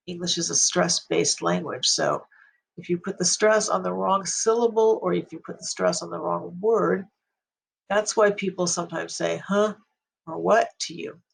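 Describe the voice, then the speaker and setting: Encouraging, gravelly-voiced ESL teacher. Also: medium pitch, fairly bright tone, a little hiss or hum. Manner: encouraging, with frequent fillers. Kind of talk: recorded online lecture.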